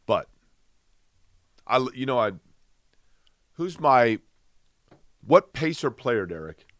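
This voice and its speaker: A man's voice: mid-range voice, big pitch swings, slow, fairly bright tone, dry recording, studio quality. A man co-hosting a sports talk show, grumbling playfully and firing off rhetorical questions. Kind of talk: casual sports chat.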